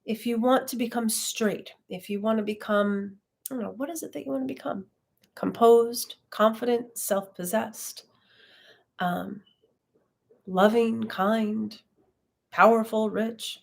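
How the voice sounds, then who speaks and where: A woman's voice: fairly high pitch, vocal fry. A woman leading an online class, talking in a reflective, conversational way with frequent fillers. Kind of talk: casual live-stream teaching.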